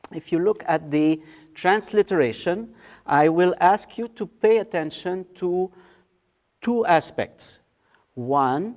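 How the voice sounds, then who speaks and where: A man teaching in a meditation hall, patiently explaining how to pronounce a mantra step by step and chanting its words slowly. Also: fairly high pitch, darkish tone. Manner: patient, explains step by step, often checks in with "okay?". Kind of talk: guided mantra pronunciation lesson.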